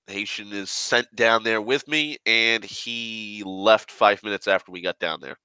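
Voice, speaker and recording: A man's voice: on the low side, pushed and bright, clear, resonant tone, no echo. A sick young man who coughs now and then, rambling in a profane, grumbling, sarcastic rant. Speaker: online rambler.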